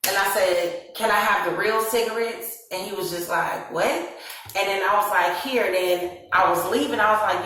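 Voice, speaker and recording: A woman's voice: mid-range voice, normal speed, sharp tone, far from the mic, slight background noise. Woman, casual vlog storytelling, laughs as she talks, voice set back from the mic in a very echoey room. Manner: laughs often while telling a serious story; acts out her own past reactions in quoted asides. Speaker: vlogger.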